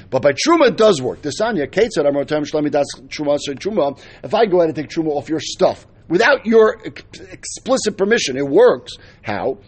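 Lively husky-voiced man teaching Talmud. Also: a little high. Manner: explains step by step, mixing Hebrew and Aramaic terms. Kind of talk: Talmud lesson.

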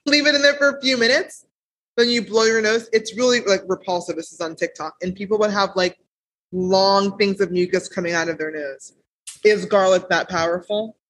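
Expressive woman co-hosting a podcast. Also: mid-range voice, moderate pace, a little hiss or hum. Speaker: guest co-host. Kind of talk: casual podcast chat.

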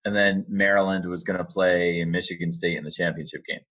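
Deep-voiced man telling a story. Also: a little fast, dull audio. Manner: relaxed anecdotal storytelling with fillers. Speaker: arena announcer and sports media relations staffer. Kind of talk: storytelling in a casual interview.

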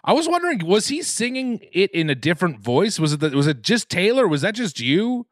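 A man's voice: sits high, sing-song, a little fast, no room sound, clean studio sound. A man co-hosting a podcast, joking around and reading listener mail in a casual chat. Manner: jokey, reads listener mail aloud. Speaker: podcast co-host.

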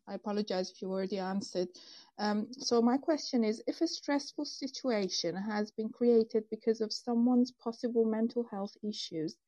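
A woman's voice: medium pitch, mellow, dry recording, low-quality recording. A woman asking a question in a live Q&A, speaking in a hesitant, apologetic, careful way. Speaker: Q&A participant.

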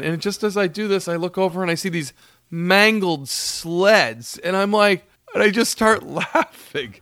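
A man's voice: high-pitched, lively intonation, moderate pace, a bit bright, dry recording, studio quality. A man hosting a casual chat, retelling a story animatedly with laughter and acted-out quotes.

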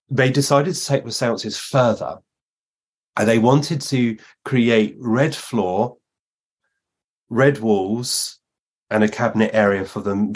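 A man, a guest medium, telling long anecdotes in conversation and acting out the lines of the people he quotes. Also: fairly low pitch. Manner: narrates at length, acting out the speakers he quotes.

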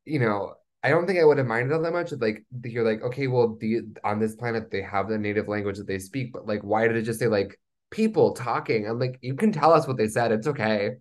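A man's voice: fairly low pitch, fairly quick. A man co-hosting a casual group discussion, wry and self-deprecating in tone. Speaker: podcast co-host.

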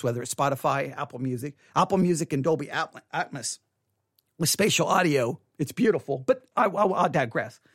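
A music commentator talks straight to the viewer in a loose, chatty way, acting out their own reactions with plenty of filler words. The pitch rises and falls in a lively way. The sound is dry, with no room echo. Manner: chatty, animated, retells own reactions with lots of "like". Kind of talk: casual commentary video.

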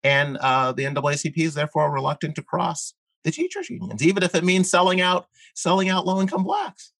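A man speaking as a guest in an interview, explaining his views earnestly while halting often with fillers and repeated words. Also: on the high side, expressive, creaky, a bit bright, dry recording. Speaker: guest columnist. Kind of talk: conversational interview.

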